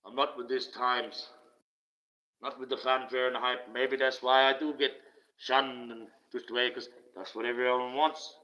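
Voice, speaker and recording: A man's voice: mid-range voice, level tone, moderate pace, bright, forceful tone. Older man, Australian accent, rambling bitter rant, heavy swearing, slightly muffled audio. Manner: swears often, bitter and rambling, with wry laughs. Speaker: online streamer. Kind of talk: casual rant.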